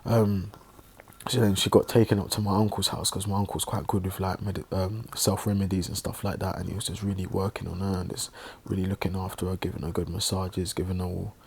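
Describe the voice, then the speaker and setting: A man telling a personal story in a halting, reflective way, with many pauses and restarts, sounding subdued and emotional. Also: sits low, flat delivery, gravelly, darkish tone, a little hiss or hum. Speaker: online religious presenter.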